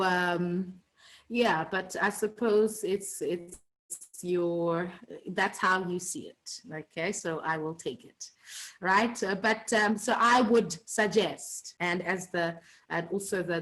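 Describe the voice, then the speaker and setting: Slow, low-voiced woman teacher. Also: a bit bright, poor audio. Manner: chatty, teasing, many fillers. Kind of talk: online revision lesson.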